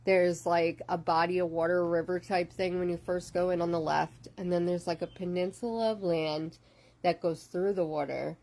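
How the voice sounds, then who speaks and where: A woman's voice: fairly low pitch, fairly even intonation, moderate pace, darkish tone. A woman casually describing recurring dreams in a rambling way, with many fillers. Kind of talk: casual storytime.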